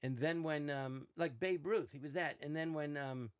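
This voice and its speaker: An older man, a podcast guest, telling animated anecdotes in casual chat and slipping into quoted voices. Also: a little high, normal speed, smooth. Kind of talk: casual storytelling.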